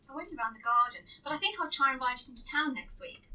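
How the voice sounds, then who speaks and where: A woman voicing a chatty, wistful middle-aged mother who talks in a gently rambling, matter-of-fact way. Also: high-pitched, quick pace, distant mic, low-quality recording.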